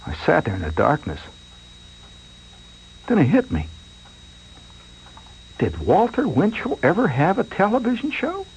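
A man's voice: high voice, wildly swooping pitch, unhurried, creaky, long pauses, a little mellow, slight background noise, poor audio. A man hosting a late-night radio show, telling a rambling story in a mock-anxious way and asking listeners to call in.

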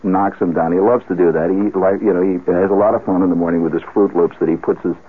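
Low-voiced man rambling through a funny story, lots of asides and restarts, sounds like an old broadcast through a phone line. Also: fast. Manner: animated, with frequent restarts and asides. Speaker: radio storyteller. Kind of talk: rambling comic monologue.

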